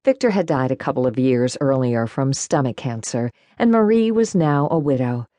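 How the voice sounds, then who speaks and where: A woman narrating a first-person cozy mystery audiobook in an expressive, warm storytelling manner. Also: rumbling low, moderate pace, no echo.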